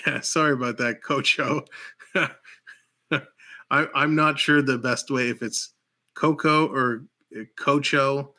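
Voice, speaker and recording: A man's voice: medium pitch, fairly even intonation, bright, forceful tone. A man with a Canadian accent calling live hockey play by play and chatting with viewers between plays. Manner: rapid play calls mixed with chatty asides to viewers, laughing often. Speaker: play-by-play host.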